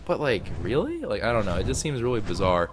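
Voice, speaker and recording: A young man casually commenting on his gameplay, joking and complaining, sometimes pleading loudly. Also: mid-range voice, fast talker, noisy background. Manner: animated, joking, swings to loud pleading. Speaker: gaming YouTuber.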